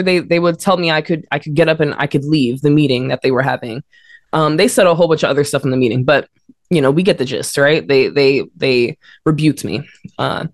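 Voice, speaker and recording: A woman guest in a conversation, telling a personal story with frequent restarts and laughter, jumping up in pitch to act out what people said. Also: dry recording, studio quality. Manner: animated, acts out quotes in a higher voice, frequent restarts and laughter. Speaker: interview guest.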